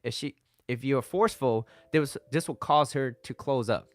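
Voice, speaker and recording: Give me a man coaching on dating in a relaxed, chatty, repetitive way. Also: medium pitch, normal speed, dry recording. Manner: conversational, repeats himself, coaxing. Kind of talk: casual advice talk to camera.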